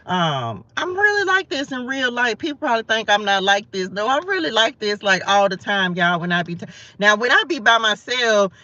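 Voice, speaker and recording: A woman's voice: medium pitch, big pitch swings, normal speed, bright, forceful tone, no echo, highs cut off. A woman from the American South, hosting a casual morning Bible study livestream from her car, chatty, playful, laughing at herself. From Southern United States. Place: parked car.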